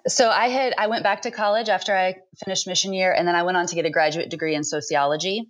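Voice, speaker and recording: A woman in her thirties, a book author speaking as a podcast guest, talking thoughtfully with frequent pauses. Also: lowish voice, steady tone. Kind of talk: conversational interview.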